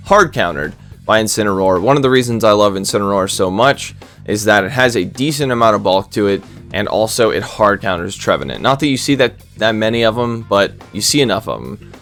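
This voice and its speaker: A man's voice: mid-range voice, a bit bright. A man giving casual, rambling game commentary, full of stutters and self-deprecating asides. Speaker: gaming commentator.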